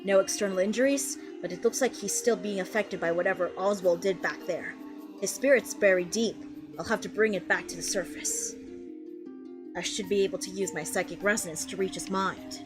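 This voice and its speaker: A woman voicing a fashionable, caring young woman in a game, with a put-on British accent and a cool, measured delivery. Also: mid-range voice, music in the background, pitched below the performer's own voice, natural voice. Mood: focused.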